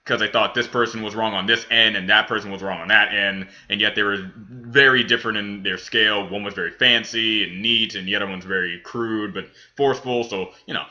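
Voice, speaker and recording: A man's voice: on the low side, fairly even intonation, brisk, few pauses, pushed and bright, lo-fi sound. A man hosting a reaction video, reviewing a cartoon episode in a rambling, casual way with many restarts. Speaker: reaction channel host.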